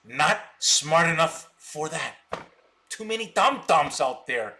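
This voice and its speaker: A man hosting a stock trading live stream, mocking his viewers scornfully and boasting, with loud bursts of laughter between rambling stretches. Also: on the high side, very animated, slow pace, background noise. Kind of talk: ranting live stream talk.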